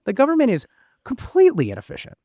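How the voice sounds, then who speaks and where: A man in his thirties, a podcast guest talking fast and animatedly, with plenty of fillers and the odd swear. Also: very high-pitched, wildly swooping pitch, dark tone, dry recording, studio quality. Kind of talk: casual conversation.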